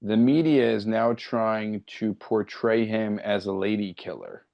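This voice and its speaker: Dry, gravelly straight man interviewing the host of a comedy podcast. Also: on the low side, animated, unhurried, highs cut off. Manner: dry, plays straight man with short reactions.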